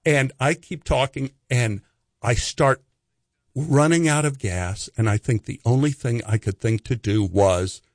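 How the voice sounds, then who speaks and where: A man's voice: medium pitch, measured pace, no room sound. Middle-aged guy telling a story on radio, acts out the voices, dry close sound. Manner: lively storyteller who acts out the voices in his tales. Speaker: actor telling stories as a radio guest. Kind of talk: animated anecdote telling. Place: radio studio.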